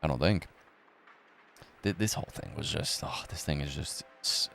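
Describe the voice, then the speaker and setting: A man's voice: rumbling low, moderate pace, creaky, long pauses, a bit bright, faint music behind. A man hosting a casual crypto and economy commentary video, talking bluntly with plenty of swearing. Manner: blunt, profane, rambling.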